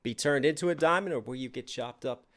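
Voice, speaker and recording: A man's voice: mid-range voice, a little fast, a bit bright. A man hosting a music reaction channel, chatting casually and eagerly picking apart the lyrics as he thinks aloud.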